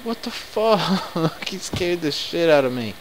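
A man commenting live on his game, excitable and quick to swear in frustrated outbursts. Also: a little high, noisy background. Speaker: let's play gamer.

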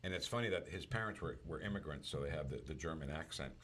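A man chatting casually about movies, retelling scenes in an animated storytelling manner. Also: very deep voice, fast.

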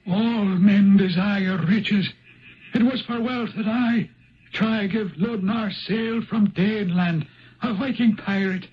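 An actor playing an ancient male Viking spirit turned Irish, who talks gravely in measured riddles for a 1970s radio drama. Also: sits high, fairly even intonation, a little hiss or hum. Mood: solemn. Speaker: Old Man of the Rock. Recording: dull lo-fi 1970s radio broadcast.

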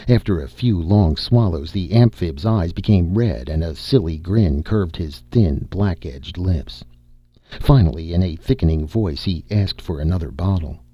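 A man reads a novel aloud in a steady, measured way, his voice low and husky. The recording is dry and close with a slightly dull, muffled top end. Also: no room sound. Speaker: audiobook narrator. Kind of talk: audiobook narration.

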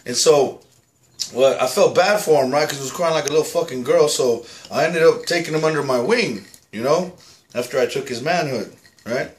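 A man plays a boastful, foul-mouthed ex-con in a comic monologue to camera, insisting he is the real Julian. He's blustering, profane, and aggressive, repeatedly saying "all right?". His natural voice is fairly high at a moderate pace, with a little hiss or hum in the recording.

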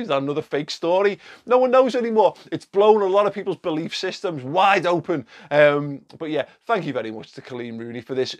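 Animated, sweary male vlogger. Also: on the high side. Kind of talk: casual commentary to camera.

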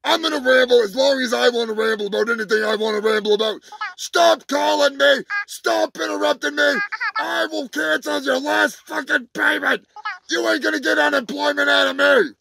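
A man voicing a brash, foul-mouthed male alien pundit who rants and shouts insults at humans in a comedy sketch. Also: sits high, steady tone, very fast, gravelly, few pauses, background noise. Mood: furious. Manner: ranting, shouting, swearing, insulting. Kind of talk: comedic character rant. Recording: music playing behind.

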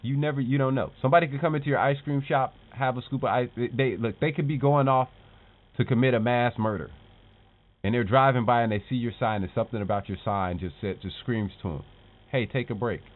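A man's voice: mid-range voice, brisk. A man hosting a show, giving a casual motivational talk to his viewers, calling them "team" and asking "right?" as he talks. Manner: animated, calls his audience "team", keeps asking "right?". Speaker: show host. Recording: tinny phone-like lo-fi sound.

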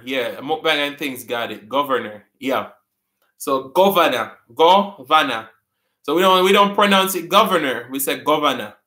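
A man with a Jamaican accent hosting a live-stream trivia chat, repeating words slowly and laughing often with viewers. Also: fairly high pitch, bright, forceful tone, roomy sound. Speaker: host.

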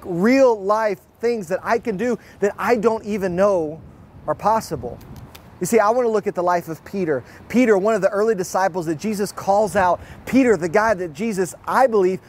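A young man preaching, his voice pitched high for a man. He tells stories in a lively way and acts out the other speakers' lines as he goes. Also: slight background noise. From Fort Worth, Texas. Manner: lively storyteller, acts out quotes. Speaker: pastor. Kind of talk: sermon with personal storytelling. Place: online church service.

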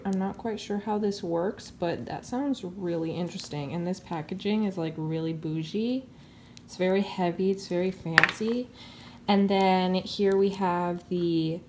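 A young woman vlogs casually while unboxing beauty products, gushing excitedly and gasping often. Her voice is mid-range, and there's a little hiss or hum in the audio.

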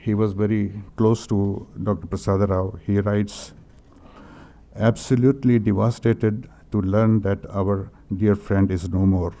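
A man's voice: on the low side, fairly even intonation, a little slow, warm tone. An older man with an Indian English accent reading condolence messages at a memorial meeting, hesitant and full of fillers, emotional. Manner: hesitant, many "uh" fillers and throat-clearing. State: emotional, voice breaking. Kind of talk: halting tribute reading.

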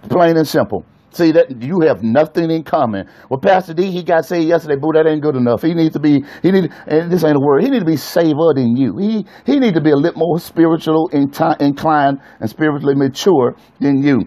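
A pastor preaching on a live stream, with a high-pitched male voice. He speaks emphatically and colloquially, addressing his listeners directly. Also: brisk, hardly any pauses, dark tone.

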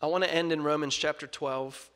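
A young man preaching a sermon, earnest, moving between loud emphasis and soft scripture reading. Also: fairly high pitch, steady tone, brisk, clear, resonant tone. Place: church sanctuary. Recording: long reverb of a large hall.

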